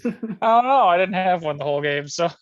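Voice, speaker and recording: A man's voice: high voice, expressive, brisk, dry recording. A man in a casual board game discussion, laid-back and laughing easily. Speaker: board game group member. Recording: dry, dull lo-fi mic.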